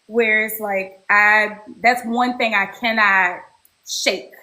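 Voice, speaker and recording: A woman hosting a podcast in casual conversation, speaking softly with frequent agreeing murmurs. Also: medium pitch, steady tone, slow pace, low-quality recording. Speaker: podcast host.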